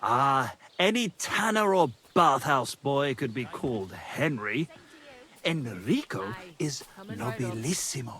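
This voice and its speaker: An actor playing a pompous, lovesick young poet in a video game, speaking theatrically and pedantically. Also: male voice, medium pitch, animated, slow pace, sharp tone. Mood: haughty.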